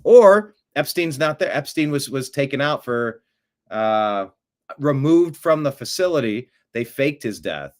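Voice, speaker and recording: A man hosting a talk show, giving rambling, opinionated political commentary that swings from mutters to loud outbursts. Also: mid-range voice, lively intonation, unhurried.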